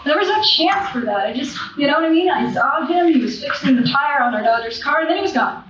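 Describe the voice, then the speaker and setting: A woman's voice: high voice, lively intonation, fast, fairly bright tone. Blunt, profane woman speaking in an echoey hall. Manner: raw, blunt and profane, with emotional swells. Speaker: recovery convention speaker. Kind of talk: personal recovery testimony from a podium. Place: large convention hall. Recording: echoey, distant, dull hall recording.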